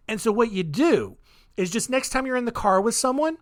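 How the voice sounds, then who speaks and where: A man's voice: very high-pitched, animated, normal speed, a bit bright. A man hosting a solo podcast, telling stories in a rambling, offhand way full of ums and wry asides. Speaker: podcast host. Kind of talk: casual solo podcast storytelling.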